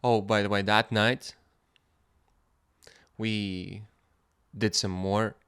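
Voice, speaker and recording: Give me a man with a low voice, unhurried, sharing a personal story in a casual podcast monologue. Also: clear, resonant tone. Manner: animated, laughs while telling, drops to quiet reflective tone. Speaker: podcast host.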